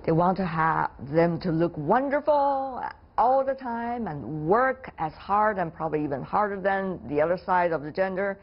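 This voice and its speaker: Breathy-voiced woman TV host. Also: lowish voice, expressive, moderate pace, lo-fi sound. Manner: poised, formal, non-native phrasing. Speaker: television interview host. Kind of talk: broadcast interviewing and sign-off.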